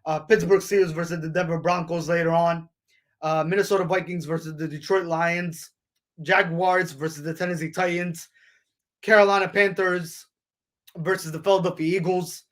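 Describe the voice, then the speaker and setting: A man hosting a solo sports podcast, rambling through scores with many fillers and restarts, calling listeners folks and ladies and gentlemen. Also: high voice. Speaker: podcast host.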